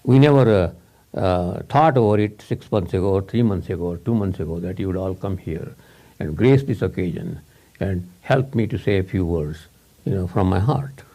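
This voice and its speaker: A man's voice: deep voice, lively intonation, moderate pace, mellow. A man giving a spiritual teacher's informal talk to students in English, his second language, rambling and repeating himself with frequent chuckles. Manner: rambling, repetitive, chuckles often.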